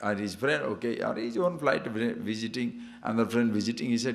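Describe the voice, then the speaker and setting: Swami giving a lively discourse. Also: male voice, lowish voice, fairly quick, creaky, hardly any pauses. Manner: anecdotal, asks listeners to see and understand; animated, laughs at his own stories. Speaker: spiritual teacher. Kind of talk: spiritual discourse on scripture.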